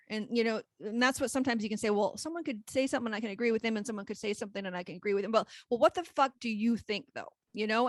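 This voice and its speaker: A woman's voice: on the high side, no room sound. A woman in her forties co-hosting a podcast in casual chat, frank and rambling, swearing freely. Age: 40s. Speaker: podcast co-host.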